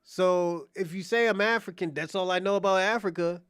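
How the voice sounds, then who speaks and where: High-voiced man ranting mockingly. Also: moderate pace, fairly bright tone, smooth, dry recording, studio quality. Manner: mocking, provocative, taunting; profane, repetitive, restarts phrases. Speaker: livestream host. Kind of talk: ranting livestream commentary to chat.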